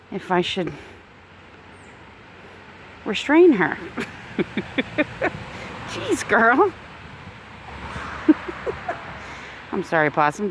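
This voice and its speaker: Slow, lively-voiced woman cooing at chickens. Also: medium pitch, a little hiss or hum. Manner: cooing affectionate baby talk to animals, frequent laughter. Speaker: backyard chicken keeper filming her flock. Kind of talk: casual vlog narration. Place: outdoors in a backyard chicken yard.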